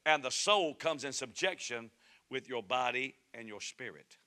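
A middle-aged man with a Southern US accent preaching a sermon as pastor, moving between shouted fervent passages and quiet storytelling. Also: mid-range voice, animated, moderate pace. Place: church sanctuary.

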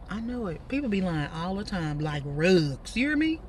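A vlogger in her thirties with a Texas accent chats casually and laughs while eating in her parked car for a mukbang. Her medium-pitched voice is animated at a normal speed, recorded from a distance with slight background noise.

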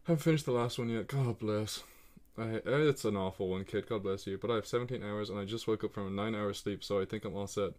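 Excitable streamer chatting over keyboard clicks. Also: male voice, fairly low pitch, fast. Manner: excitable, talks to himself and chat, swears freely. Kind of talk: casual live-stream chat while playing a geography game.

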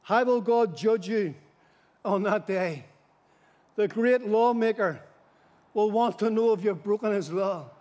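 Earnest preacher in echoing tent. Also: male voice, sits high, darkish tone. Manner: earnest, repeats phrases for emphasis, slows for scripture. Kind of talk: tent mission sermon. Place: large gospel tent.

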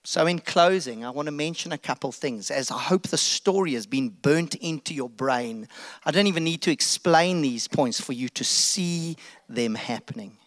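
A middle-aged South African pastor with an animated, casual, jokey storytelling sermon manner. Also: male voice, on the high side, moderate pace.

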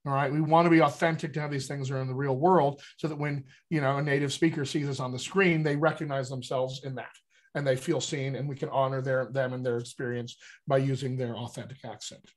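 A man's voice: mid-range voice, a little fast. A man with a General American accent, a dialect coach explaining accent work in a casual video call, checking in often with "all right?". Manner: animated teaching, frequent "all right?" check-ins.

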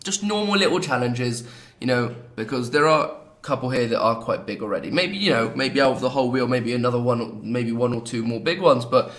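A man's voice: medium pitch, expressive, a little fast, a bit bright. A young man from England with an English accent, chatting casually and rambling with jokey asides as he hosts a gaming video. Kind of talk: casual gameplay commentary.

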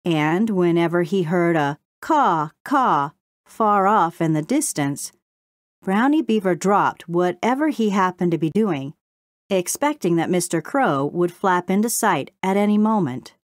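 Woman reading a kids' storybook, slow and calm, lowish voice, dry close sound. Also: no room sound. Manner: slow, measured, gentle storytelling. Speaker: audiobook narrator. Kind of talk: scripted storybook narration.

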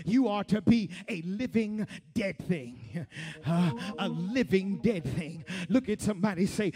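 A pastor preaching a sermon and telling a story, with lots of repetition, call and response with the congregation, and now and then bursts of shouting. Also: male voice, high-pitched, measured pace, faint music behind. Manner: animated storytelling, laughs often.

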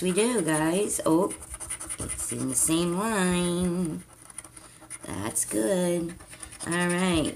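A woman's voice: fairly low pitch, slight background noise. A woman chatting casually to her viewers as she plays a scratch-off card, with mild cursing. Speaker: vlogger.

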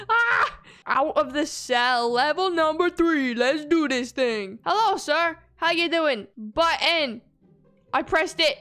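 A woman giving excitable commentary while playing a video game, gasping and squealing at every obstacle. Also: high voice, measured pace. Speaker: gaming video creator. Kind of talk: playthrough commentary.

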